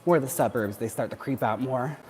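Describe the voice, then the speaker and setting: A man's voice: medium pitch, brisk, a little mellow. A man, from Wisconsin, chatting and joking casually on a livestream while doing cardio. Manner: chatty, joking, laughs often. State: working out on cardio. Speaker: livestream host. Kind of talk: casual chat while exercising.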